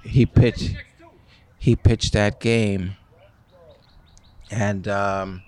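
A man in his sixties, a guest in an interview, telling stories in an animated way and acting out what others said. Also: fairly low pitch, extremely slow. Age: 60s. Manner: animated, acts out quoted speech. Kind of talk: storytelling in an interview.

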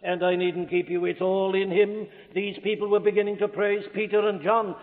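Welsh-accented male preacher, high-pitched and fervent, old tinny recording with long hall echo. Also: little pitch movement, normal speed, few pauses. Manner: fervent, rising to loud declamation. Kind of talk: sermon.

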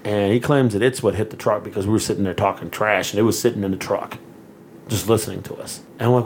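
A man from Texas, co-hosting a podcast and telling a story in a loose, animated way, laughing often and cursing freely. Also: lowish voice, quick pace, slight background noise. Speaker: podcast co-host. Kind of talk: casual storytelling chat.

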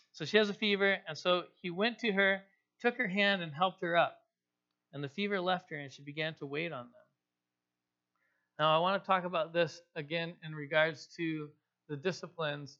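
A man's voice: on the high side, sharp tone, muffled recording. A man preaching a sermon in a casual, conversational way, explaining scripture in plain everyday terms. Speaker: pastor.

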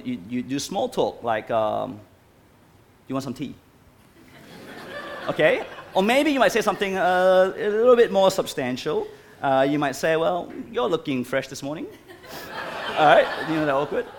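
A man's voice: a little high, moderate pace. A man preaching a sermon to a congregation, asking them many questions. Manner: animated, asks the congregation questions. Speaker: pastor.

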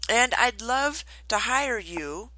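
A woman's voice: a little high, lively intonation, slow, sharp tone, no room sound, heavily acted. A woman voicing an anxious female therapy client in a retold comedy skit. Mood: fretful.

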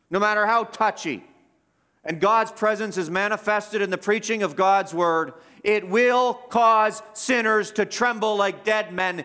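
A man preaching a sermon, swinging between loud emphatic bursts and hushed passages, and asking his listeners questions. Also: sits high.

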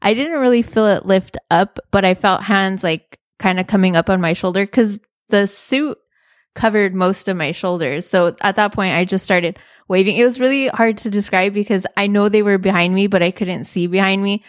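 A young woman tells a story in a loose, chatty way. She laughs often and fills her talk with "like". Her voice sits at a middle pitch, recorded dry and close with no room sound. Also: normal speed, dry recording. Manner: chatty, animated, lots of "like" and laughs. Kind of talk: casual storytelling.

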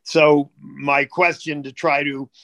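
A man hosting a podcast, asking long questions haltingly with many fillers. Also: on the high side, level tone, a bit bright. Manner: hesitant, drawn-out questions with fillers. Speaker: host. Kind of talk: casual podcast interview.

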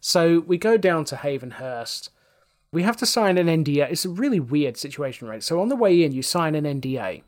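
A man with a slightly raised voice tells a rambling story as a podcast guest, throwing his pitch up high whenever he acts out what he said. He talks casually, drops in swear words, and keeps the tale lively. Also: a little fast. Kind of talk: casual anecdote telling.

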